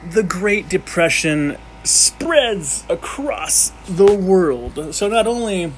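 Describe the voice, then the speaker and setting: A man's voice: high-pitched, big pitch swings, slow, a little hiss or hum. A man giving a casual, unscripted history explainer, rambling and joking with frequent restarts and self-corrections. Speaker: amateur history presenter.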